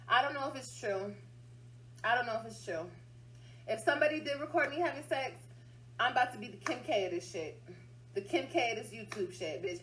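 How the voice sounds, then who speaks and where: A woman on a casual livestream, talking right to her viewers in a blunt, heavily profane way. Her voice sits a bit high, and a faint hum runs underneath. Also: a bit bright, poor audio. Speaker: livestream host.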